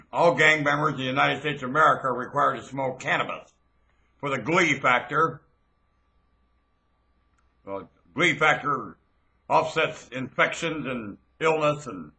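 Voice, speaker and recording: A man's voice: medium pitch, pushed and bright. A man rambling through proclamations into a webcam, spelling out words as he goes. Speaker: vlogger.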